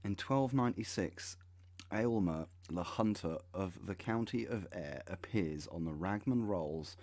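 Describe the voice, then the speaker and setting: A man's voice: deep voice, expressive, a little slow, a little mellow. A man in his thirties reading web pages aloud and adding wry, sarcastic asides as a channel host. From United Kingdom. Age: 30s.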